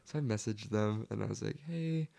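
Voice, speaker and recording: A young man talking as a podcast guest, his voice a touch low with a gravelly fry running through it. He tells his story earnestly and casually, with "like" sprinkled all through his sentences. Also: quick pace, mellow. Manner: earnest, leans heavily on "like".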